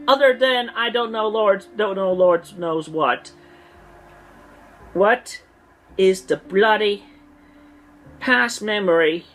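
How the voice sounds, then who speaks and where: A woman's voice: on the high side, fairly bright tone. A woman in an archived clip ranting in a put-on, theatrical British-sounding accent, pompous and indignant. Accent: imitated British. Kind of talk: archived online video rant.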